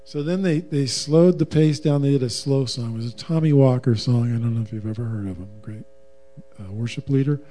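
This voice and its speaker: A man's voice: mid-range voice, a little fast, mellow. A middle-aged man telling a personal story in a casual, wry, humorous way. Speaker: guest, husband, former professional musician.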